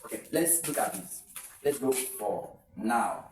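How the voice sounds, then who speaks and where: A man's voice: medium pitch, animated, measured pace, a little mellow, distant mic. A man from Nigeria giving an exam tutorial lecture, repeating words for emphasis and explaining step by step. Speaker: teacher. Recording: echoey room, voice a little off-mic, faint noise.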